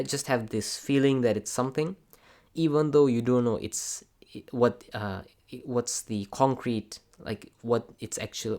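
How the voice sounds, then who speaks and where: Relaxed man teaching a language lesson. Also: mid-range voice. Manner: relaxed explaining with many fillers and restarts. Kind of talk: casual online language lesson.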